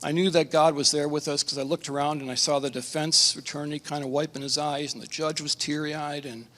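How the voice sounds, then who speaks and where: A man's voice: on the high side, flat delivery, fairly bright tone. Earnest man pastor in a reverberant hall. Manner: earnest, emotional storytelling with halting restarts. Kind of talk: personal testimony at a conference. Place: conference hall.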